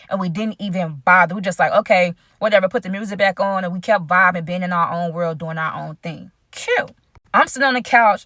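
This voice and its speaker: A young woman recounts a wild personal story to her viewers in an animated, chatty way, using lots of slang. Her voice is close and dry, with no room around it. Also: mid-range voice, no room sound. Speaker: vlogger telling a story. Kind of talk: casual storytime vlog.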